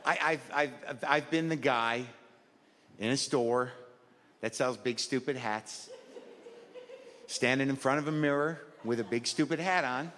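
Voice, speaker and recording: A middle-aged man doing a neurotic, rambling stand-up routine on a club stage, exasperated and prone to sudden shouted outbursts, with audience laughter behind him. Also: mid-range voice, a little slow, long pauses. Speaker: stand-up comedian. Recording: live club recording with long reverb and noise.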